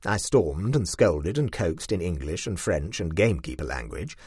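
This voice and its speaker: A man reading a short story aloud in a dry, wry, expressive manner. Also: low voice, moderate pace, slightly rough, no echo.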